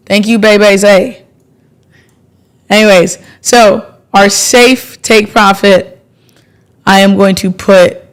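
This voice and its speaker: A young adult woman hosting a live stream about stock trading, talking casually and playfully, with sudden bursts of excitement as she thanks her subscribers. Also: on the high side. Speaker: livestream trading host.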